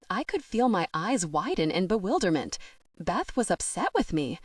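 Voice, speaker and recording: A woman narrating a first-person audiobook in an expressive, measured way. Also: on the low side, breathy edge, dry recording, clean studio sound.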